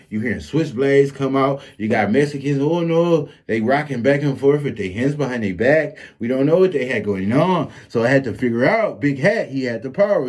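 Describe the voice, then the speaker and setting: A man with a Flint, Michigan accent telling a street story in a casual, animated and profane vlog monologue. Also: mid-range voice. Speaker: storyteller vlogger.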